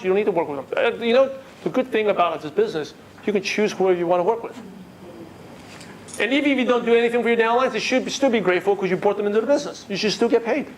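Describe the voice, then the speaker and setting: High-voiced man coaching a seminar crowd. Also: slight background noise, poor audio. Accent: non-native English accent. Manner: animated, coaching, asks the room questions. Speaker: network marketing trainer. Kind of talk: seminar talk to a live audience.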